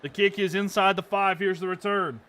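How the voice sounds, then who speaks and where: A man's voice: high voice, normal speed. A man live-streaming a football video game, calling plays like a commentator and venting his frustration between snaps. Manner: frustrated asides between excited play calls.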